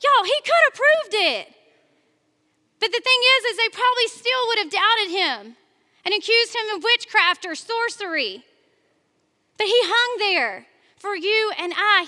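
A bright, high-voiced woman preaches a sermon in a church sanctuary, telling stories in a chatty way, speaking directly to the congregation and laughing at herself. The recording carries the long reverb of a large church hall.

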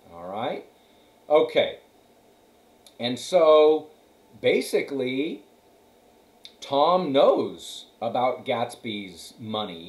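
A man's voice: mid-range voice, darkish tone. A man teacher reading a novel aloud to his class and stopping to comment, checking in often with "okay" and "right". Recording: echoey room.

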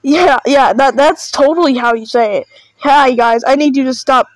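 A woman's voice: high-pitched, moderate pace, no echo, low-quality recording. A woman doing casual reaction commentary on videos, sarcastic and full of mock panic.

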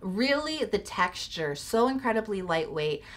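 A beauty vlogger reviewing sunscreens talks to camera in a mid-range, slightly bright voice that's sing-song and unhurried. She's chatty and enthusiastic, laughs often, and sprinkles in lots of "like" and "you know" during this casual skincare product review.

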